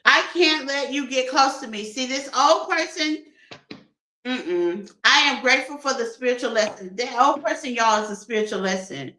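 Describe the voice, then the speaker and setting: A woman's voice: sits high, lively intonation, moderate pace, bright, forceful tone, reverberant, a little hiss or hum, poor audio. A woman doing a casual tarot reading for her viewers, playful and laughing often as she talks to them like friends. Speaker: tarot reader.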